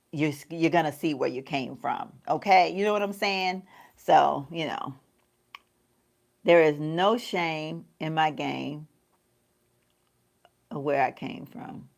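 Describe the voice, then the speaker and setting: A Southern woman talks to her viewers as she gets ready in front of the camera. Her voice sits a little low, and her manner is folksy and chatty, with plenty of laughs and "y'all.". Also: vocal fry, darkish tone. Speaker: lifestyle vlogger. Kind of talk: casual chat while doing makeup.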